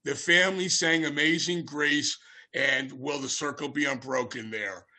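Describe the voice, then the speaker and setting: A man's voice: fairly high pitch, a little slow. A man hosting a podcast interview, telling casual, rambling anecdotes with plenty of fillers and restarts. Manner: rambling anecdotes with many fillers, shouting out quoted lines. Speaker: podcast host.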